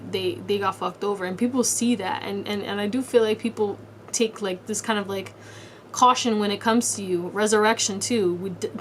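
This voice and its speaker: A woman's voice: medium pitch, slight background noise. A woman giving a casual pick-a-card tarot reading, speaking straight to the viewer in a slangy, blunt way and swearing freely. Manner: talks straight to the viewer in second person. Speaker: tarot reader.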